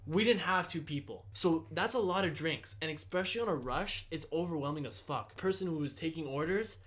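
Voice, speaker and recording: Young male podcast host with a slightly high voice, loose and profane, says "bro" constantly. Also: a little fast, a bit bright. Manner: swears freely, says "bro" a lot. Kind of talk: casual chat.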